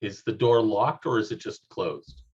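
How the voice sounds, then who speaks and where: A man's voice: on the low side, lively intonation, moderate pace, darkish tone, husky. A man playing a tabletop game with dry, wry remarks. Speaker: player. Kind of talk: casual tabletop play. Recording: dull lo-fi mic.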